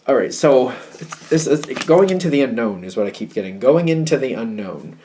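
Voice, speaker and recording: A man talks through a tarot reading in a loose, rambling way, slipping into little quoted exchanges as he thinks aloud. His voice sits at an ordinary middle pitch. A faint background noise sits under the recording. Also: big pitch swings, fairly quick, warm tone. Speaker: tarot reader.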